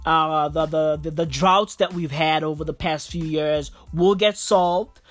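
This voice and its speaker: A woman's voice: deep voice, fairly even intonation, pitched below the performer's own voice. A woman impersonating a famous celebrity politician who stumbles through closing remarks at a conference, full of ums and uhs. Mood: pompous. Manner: halting, full of ums and uhs, repeats a film catchphrase.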